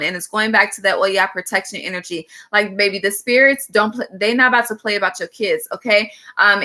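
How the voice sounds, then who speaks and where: A woman's voice: mid-range voice, pushed and bright. A woman giving a chatty, frank tarot reading, calling listeners "baby" and tagging nearly every line with "okay". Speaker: tarot reader. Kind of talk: casual tarot reading monologue.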